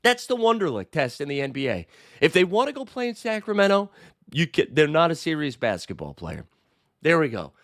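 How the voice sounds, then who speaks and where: A man hosting a casual sports show, reading viewer comments and answering them bluntly and animatedly, a little hoarse. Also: fairly high pitch, very animated, fairly quick, no room sound, clean studio sound. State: slightly hoarse. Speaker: host.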